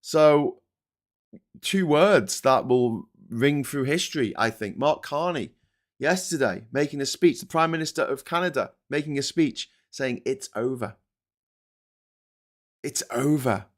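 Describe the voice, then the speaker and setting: A British man hosting a casual political commentary show, talking in a lively, rambling way with frequent swearing and restarts. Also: a little high, unhurried. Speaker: host of a live commentary show.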